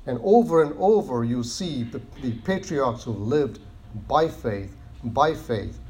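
A man preaching a sermon in an earnest way, often restarting phrases and slowing down to stress key words. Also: mid-range voice, lively intonation, dark tone, slight background noise.

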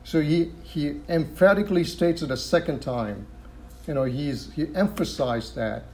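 A man's voice: on the high side, a little slow, darkish tone. A man teaching a sermon, reading scripture aloud and explaining it, who repeats phrases for emphasis and asks rhetorical questions. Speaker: preacher.

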